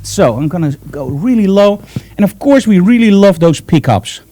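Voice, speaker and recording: Guy teaching a live studio photo shoot, high-ish lively voice, kinda mellow, chatty. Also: normal speed. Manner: chatty and upbeat, thinking aloud while working. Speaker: photography instructor.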